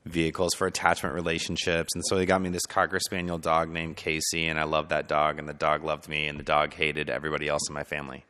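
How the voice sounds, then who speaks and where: A man telling a story from his childhood in a loose, conversational way, full of fillers, sometimes soft and sometimes emphatic. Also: rumbling low, monotone, fast talker, few pauses, smooth. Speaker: speaker sharing personal testimony. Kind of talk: personal storytelling talk. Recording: long hall reverb.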